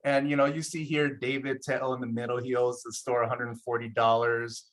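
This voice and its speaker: A man's voice: mid-range voice, little pitch movement, moderate pace, a bit bright. Brief: man, casual course presenter, chuckling, filler-heavy storytelling. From Samoa.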